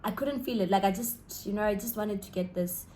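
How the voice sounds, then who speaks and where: A woman's voice: medium pitch, brisk, mellow, slight background noise, rough recording. Chatty South African woman vlogger. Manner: chatty, rambling, eating snacks while talking. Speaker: YouTuber. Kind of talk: casual storytelling vlog.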